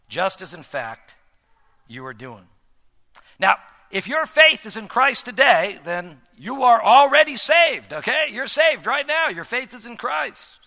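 A male pastor preaching with a high, animated voice that climbs and falls sharply. His tone is very bright and ringing, and he swings between loud declarations and hushed phrases. The sound carries a long reverb. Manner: emphatic preaching with wide swings in loudness. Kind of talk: sermon.

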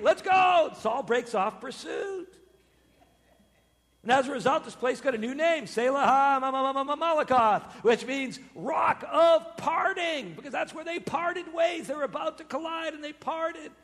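A man preaching a sermon as pastor, telling the story with animated swings from loud exclamations to hushed, slow emphasis. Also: very high voice, vocal fry, long reverb tail.

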